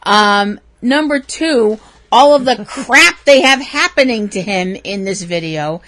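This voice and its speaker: A woman's voice: a little high, lively intonation, unhurried, a bit bright. A woman co-hosting a casual talk show, telling a story with lots of laughs and animation. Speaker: podcast co-host. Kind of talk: casual chat.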